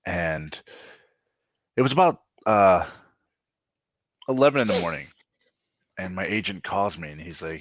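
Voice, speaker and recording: A man who is an actor, telling stories as a guest in a casual interview, animated and acting out what people said. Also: deep voice, measured pace, long pauses, dry recording, dull audio. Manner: animated storyteller, acts out quotes, voice cracks when moved. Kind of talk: casual video-call interview.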